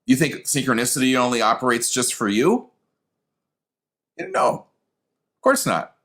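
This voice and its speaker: A man giving a spoken lesson on intuition, animated and conversational, talking straight to the listener. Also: mid-range voice, unhurried, vocal fry. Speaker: spiritual teacher. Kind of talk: teaching lesson.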